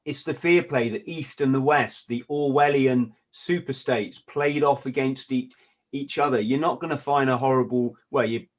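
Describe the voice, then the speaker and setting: A man hosting a podcast, reading out points and reacting to them. He stumbles and repeats words as he talks, and adds dry, sardonic asides. His voice sits at an ordinary middle pitch. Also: normal speed. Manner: stammers and restarts, sardonic asides. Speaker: podcast host. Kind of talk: casual podcast discussion.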